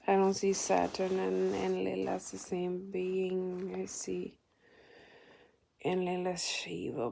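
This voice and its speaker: A woman vlogger recounts a spiritual experience in an indignant monologue, cursing and sometimes slipping into a whisper. Her voice is gravelly and dark, and she keeps her delivery flat and very slow. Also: on the low side, a little hiss or hum. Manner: indignant, swearing, partly whispered.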